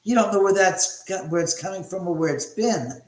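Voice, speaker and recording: A man's voice: sits high, normal speed. Middle-aged guy rambling on a livestream from home, jokey, swears a lot, roomy echo on a phone mic. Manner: chatty and joking, cursing freely. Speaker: livestream host. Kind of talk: casual livestream chat, reading viewer comments. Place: room in his house. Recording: echoey room.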